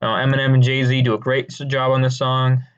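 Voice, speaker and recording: A man rambles through casual deadpan commentary, trailing off into fillers and restarting his sentences. His voice sits at an ordinary middle pitch. The recording sounds a little dull and lo-fi. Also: fairly quick, smooth. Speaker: video creator ranking songs.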